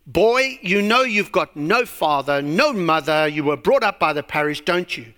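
A man voicing a stern, gruff old male workhouse official who lectures an orphan during a sermon. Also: fairly high pitch, lively intonation, normal speed, sharp tone.

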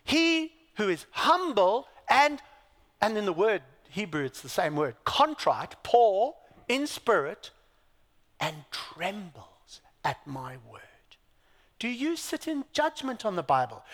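A man's voice: high voice, very animated, slow, a bit bright, long reverb tail. A man preaching a sermon, emphatic, asking his listeners rhetorical questions, with dry self-deprecating asides. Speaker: pastor.

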